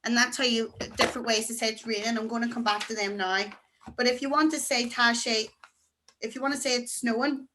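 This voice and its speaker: A woman teaching to beginners over a video call, chatty and encouraging, slowing down to pronounce words. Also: fairly high pitch, steady tone, sharp tone. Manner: chatty, encouraging, slow deliberate pronunciation. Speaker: Irish language teacher. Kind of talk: online beginner class.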